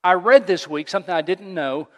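A man preaching a sermon as a pastor, earnest, rising to loud call-and-response with his congregation. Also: high voice, brisk, long reverb tail. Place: church sanctuary.

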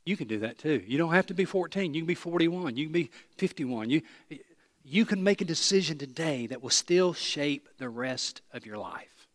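Preaching with lively stories, jokes at his own expense and forceful repetition, this pastor from East Tennessee speaks at a moderate pace. His voice runs a little high, captured in a dry, studio-quality recording.

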